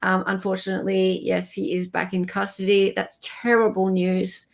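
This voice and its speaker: A woman's voice: mid-range voice, level tone, moderate pace, creaky. A woman hosting a livestream, giving loose, meandering updates to her viewers in casual chat. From Australia. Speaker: livestream host.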